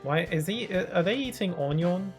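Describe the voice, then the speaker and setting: A laid-back game streamer chatting and joking while playing, quick to laugh. The voice sits in a middle range. Faint game music plays underneath. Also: medium pitch, expressive. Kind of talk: casual gameplay chat.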